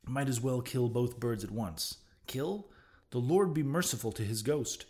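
A man voicing a flustered older landlady who scolds and frets in rapid exclamations, in an audiobook reading. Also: mid-range voice, a little mellow, close to an everyday voice. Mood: fretful scolding. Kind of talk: audiobook character voice.

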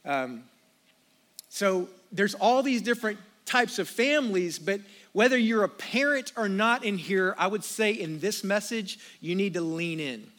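A man in his thirties from the United States preaching a sermon, telling stories with animated, acted-out outbursts. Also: sits high, unhurried. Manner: storytelling, animated, acts out his own outbursts. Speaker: pastor. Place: church auditorium with congregation.

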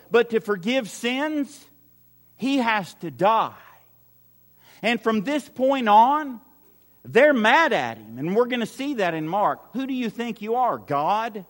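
A male pastor preaches a sermon in a large church hall filled with a crowd, his high voice swinging widely in pitch at a measured pace, with a big-room sound. He builds his points through repeated phrases in a preaching cadence and acts out the lines he quotes.

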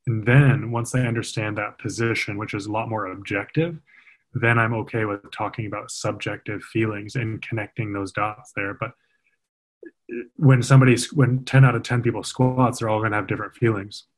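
A man's voice: lowish voice, flat delivery, normal speed, low-quality recording. A man who coaches athletes, explaining movement in an earnest, emphatic conversational way. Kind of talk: casual podcast conversation.

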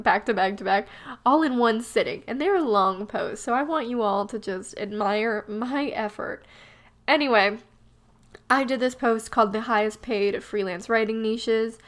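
A young woman hosting a podcast, chatting casually and joking at her own expense, her voice nasal and stuffed up from a cold. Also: mid-range voice. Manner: chatty and self-deprecating, laughs often. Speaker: podcast host. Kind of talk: casual solo podcast chat.

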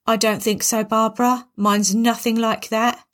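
A scheming young bride-to-be, voiced by a woman, in a storybook reading. She sounds prim and defensive, pitched slightly above the narration. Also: level tone, measured pace, fairly bright tone.

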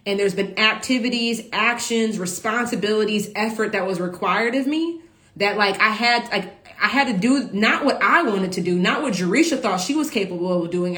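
A woman business coach in a casual live stream, talking emotionally to her followers, repeating herself and filling pauses with "like". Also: medium pitch, a bit bright, roomy sound. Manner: emotional, repetitive, full of filler "like".

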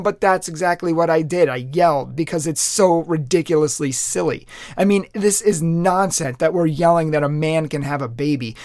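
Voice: mid-range voice, dry recording, clean studio sound. A podcast host in a casual monologue who talks in an exasperated, rhetorical way, laughs often and leans on many fillers.

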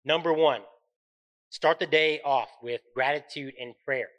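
A man's voice: on the high side, a little slow, a bit bright, poor audio. A man in his thirties hosting a faith-based motivational podcast, speaking in an earnest, encouraging way and often checking in with "right?". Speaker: podcast host.

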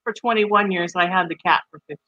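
A woman in her forties co-hosting a casual chat, telling personal stories in an unhurried way. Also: lowish voice, pushed and bright, dry recording, muffled recording. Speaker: podcast co-host.

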